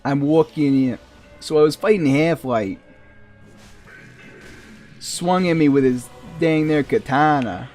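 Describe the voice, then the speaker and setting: Guy doing a loud brash new yorker, gruff and swaggering, slow and drawn out. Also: fairly high pitch, faint music behind. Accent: New York, put on. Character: brash male New Yorker, tough-talking.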